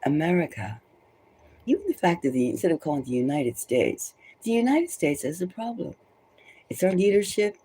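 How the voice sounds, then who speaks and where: Very animated at a moderate pace, a tarot reader with a medium-pitched, mellow, breathy voice offers loose, emphatic commentary that wanders. Phrases get repeated for stress, and the conversational talk is full of restarts.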